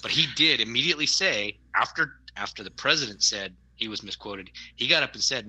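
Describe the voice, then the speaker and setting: Guy chatting on a podcast, really bright voice, rambles and restarts a lot. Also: mid-range voice, animated, a little fast, few pauses, breathy edge, rough recording. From Arizona, USA. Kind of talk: casual chat.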